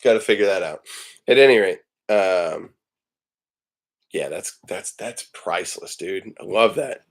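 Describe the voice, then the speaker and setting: A man with a low-sitting voice speaks a little slowly while hosting a casual morning livestream from home. He rambles and jokes, with plenty of ums and uhs.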